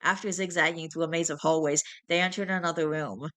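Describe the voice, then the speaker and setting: A woman's voice: low voice, steady tone, a little fast, a bit bright. A woman reading fiction aloud, now and then correcting herself with little asides. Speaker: reader.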